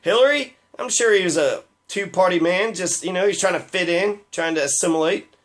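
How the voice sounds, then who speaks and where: A man with a fairly high voice delivers an impassioned political rant. He swears constantly, rambles, and restarts his sentences as he pushes his point. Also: a little fast. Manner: profane, heated, rambling with fillers.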